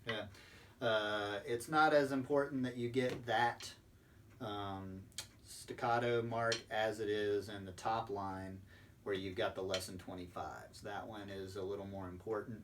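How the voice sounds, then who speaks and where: A man's voice: lowish voice, fairly even intonation, measured pace. A man explaining drum rudiments step by step as a percussion instructor, patient and sprinkling in ums. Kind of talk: recorded instructional lesson. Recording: distant mic with faint background noise.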